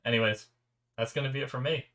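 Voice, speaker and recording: A man's voice: mid-range voice, fairly even intonation, quick pace, fairly bright tone. A man hosting an anime reaction channel, talking through his thoughts on a finale in casual, earnest commentary, rambling and restarting as he searches for words. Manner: earnest and reflective.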